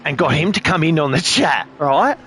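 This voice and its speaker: A man's voice: fairly high pitch, big pitch swings, normal speed, bright, forceful tone, a little hiss or hum. A man chatting casually as a sim racing streamer, rambling with heavy swearing and frequent filler phrases. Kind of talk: casual chat.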